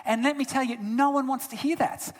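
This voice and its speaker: A man giving a sermon as a guest speaker, telling stories with big swings between loud bursts and hushed asides. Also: extremely high pitch, fairly even intonation, a little fast. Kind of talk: storytelling sermon. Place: church sanctuary. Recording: long church reverb.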